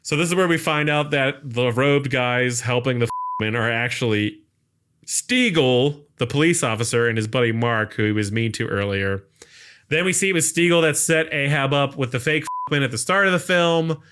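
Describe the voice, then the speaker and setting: A man's voice: mid-range voice, moderate pace, a bit bright, a little hiss or hum. A man hosting a podcast, casually retelling a film's plot in a rambling way with plenty of fillers. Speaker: podcast host. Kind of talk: casual movie recap.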